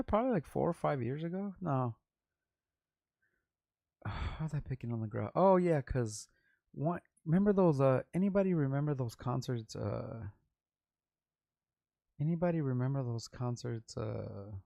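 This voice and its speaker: Middle-aged rapper hosting his own vlog, gravelly, rambling and profane, recorded dry. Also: medium pitch, dry recording. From Los Angeles. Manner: rambling, profane, animated retelling with repeats. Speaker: vlog host, underground rapper. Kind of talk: casual storytelling.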